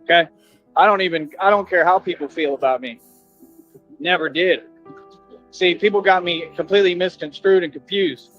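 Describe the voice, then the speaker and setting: A man's voice: high voice, normal speed, long pauses. A man in a played clip, boasting in a confrontational, slangy monologue about running the streets. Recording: dull lo-fi clip audio with music.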